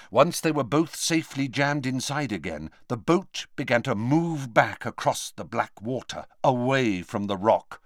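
A man reading a story aloud as narrator in a dramatic, expressive manner. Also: mid-range voice, no echo, clean studio sound. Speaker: audiobook narrator.

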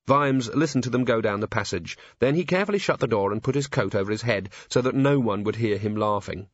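Male audiobook narrator, measured, slightly dull recording. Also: medium pitch, lively intonation. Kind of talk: scripted narration.

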